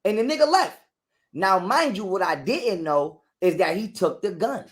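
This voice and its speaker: A man whose voice sits high tells a long story as an interview guest at a moderate pace. He's animated and casually profane, acting out both sides of an argument.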